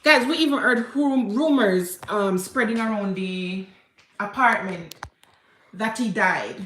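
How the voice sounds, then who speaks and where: A woman's voice: mid-range voice, slow pace, a bit bright, slight background noise. A woman in her thirties with a Jamaican accent, telling a personal story in a heartfelt, tearful way. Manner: heartfelt, tearful, repeats herself, mixes in patois. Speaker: vlogger. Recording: echoey room.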